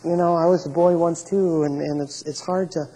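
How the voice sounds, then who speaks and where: A man's voice: on the high side, fairly even intonation, normal speed, mellow, husky, in a large hall, low-quality recording. A man voicing an aging priest who excuses his wayward sons in a hesitant, rambling way. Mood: excusing.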